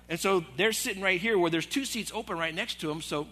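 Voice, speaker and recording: Animated, bright-voiced male pastor. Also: high voice, normal speed, long pauses, slight background noise. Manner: animated, acts out quoted voices. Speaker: assistant pastor. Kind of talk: storytelling sermon. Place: church hall.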